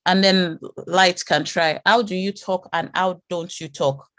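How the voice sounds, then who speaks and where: A woman with a low voice leads a branding class, firing off repeated questions and encouraging her students. The sound is dry and close, with no room around it. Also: steady tone, unhurried, fairly bright tone, no room sound. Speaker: branding course instructor. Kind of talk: live online class teaching.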